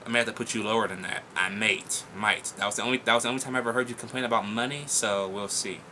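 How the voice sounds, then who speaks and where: A young man hosting a casual viewer Q&A vlog, blunt, profane and excitable as he reads and answers questions. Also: on the low side, fast talker, a little hiss or hum.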